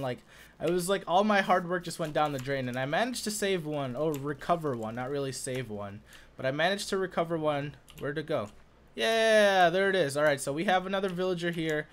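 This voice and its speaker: A chatty, excitable man commentating his own gameplay for viewers, in a slightly higher-than-average voice. He rambles with plenty of "uh"s. Faint keyboard clicks sit behind him. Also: a little hiss or hum. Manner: chatty and excitable, many filler "uh"s. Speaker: gaming video host. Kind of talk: casual let's-play commentary.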